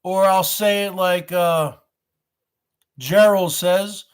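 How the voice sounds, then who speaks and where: A man's voice: high voice, fairly even intonation, takes it slowly, long pauses, smooth. A man hosting his own live stream, rambling to viewers as "folks" with repeated rhetorical questions. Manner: addresses audience as folks. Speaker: livestream host.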